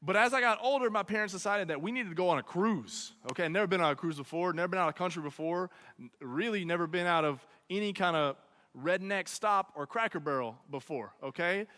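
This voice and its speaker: High, bright man telling a comic story. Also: a little fast. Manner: animated, tags lines with "okay?" and "right?". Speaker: speaker at a student event. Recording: long hall reverb.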